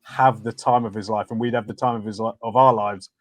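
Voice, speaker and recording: A man's voice: on the low side, fairly even intonation, a little fast, no echo. A man co-hosting a casual film podcast, enthusiastic and fond of acting out quotes. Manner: enthusiastic, acts out quotes in silly voices. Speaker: podcast co-host.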